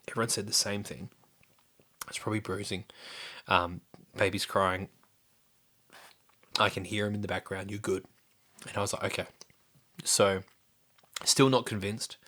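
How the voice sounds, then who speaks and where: Young man, podcast host, lowish pitch, bright forward tone, loose rambling storytelling with casual swearing. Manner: rambling, many restarts and fillers, swears casually.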